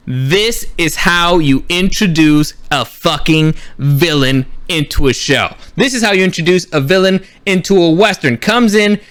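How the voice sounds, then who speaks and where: High bright-voiced male reviewer. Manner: swears freely, acts out scenes in quick paraphrase; animated fan enthusiasm. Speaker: show reviewer. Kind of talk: casual excited review monologue.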